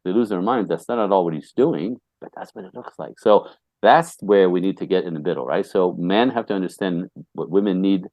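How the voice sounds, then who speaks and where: A man's voice: low voice, fairly quick, a little mellow, no room sound. A man who works as a relationship coach, talking bluntly and emphatically as a podcast guest and laughing often. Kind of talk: casual interview talk.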